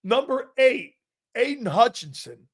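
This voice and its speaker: A man hosting a sports talk show, rambling through stories and growing animated as he reads out a list. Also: very high-pitched, unhurried. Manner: rambling storyteller, animated when reading a list. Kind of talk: casual sports talk monologue.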